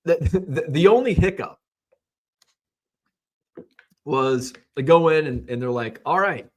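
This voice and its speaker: A man's voice: fairly high pitch, expressive, takes it slowly, a little mellow. A man telling a personal story in a rambling, casual way, with loose swearing and plenty of quoted back-and-forth. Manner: rambling, conversational, swears casually, retells scenes in quoted voices. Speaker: hobby vlogger.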